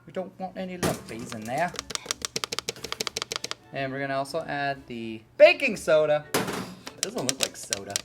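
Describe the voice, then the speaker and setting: A woman's voice: sits low, big pitch swings, measured pace, pauses often, heavy background noise. A woman hosting a casual cooking demo, talking in a playful, rambling, joking way. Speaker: cooking show host. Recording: background music.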